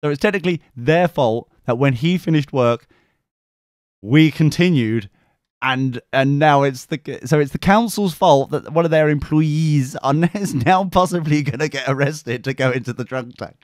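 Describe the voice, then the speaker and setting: Speaking at normal speed with a fairly high pitch, a podcast co-host tells a rowdy story amid casual banter. His delivery is animated and sweary, with quotes done in camp voices, and the clean studio audio carries no echo.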